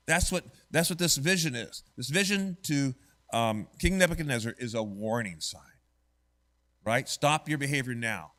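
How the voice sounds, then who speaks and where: A man leads an adult Bible study in a church classroom. He talks conversationally and keeps checking in with the class. His voice sits at a middling male pitch. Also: a bit bright.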